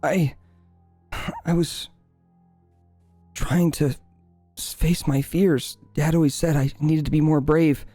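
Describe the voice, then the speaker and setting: A man's voice: fairly high pitch, steady tone, slow, pauses often, warm tone, no room sound, soft background music, voice pushed up. A man voicing a timid, scared young boy who talks hesitantly and stammers.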